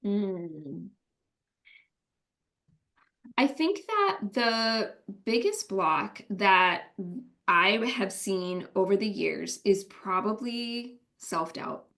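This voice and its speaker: A woman's voice: mid-range voice, sing-song, slow, a bit bright. Earnest middle-aged woman coach. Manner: earnest, often asks "right?". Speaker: business coach and co-founder. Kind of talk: reflective interview answers.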